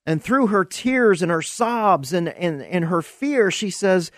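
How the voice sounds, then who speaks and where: An earnest man delivers a preaching-style podcast monologue, unhurried and deliberate, telling the story with emphasis. His voice sits a little high for a man. The sound is close and dry, with no room around it. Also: animated, no room sound. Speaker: podcast host.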